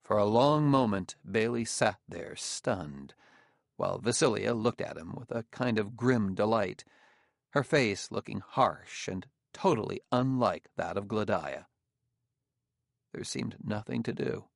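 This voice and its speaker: A man reading an audiobook in steady, even narration. His voice is gravelly and recorded dry and close to the mic, with no room sound. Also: fairly low pitch, measured pace, no echo. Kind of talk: scripted narration.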